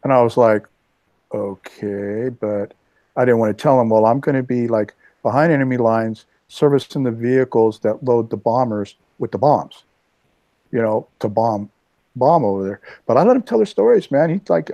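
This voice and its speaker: A man's voice: medium pitch, moderate pace, creaky, no echo. Rambling man in his sixties, dull lo-fi sound. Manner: rambling storyteller, animated asides. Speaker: host. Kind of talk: casual chat.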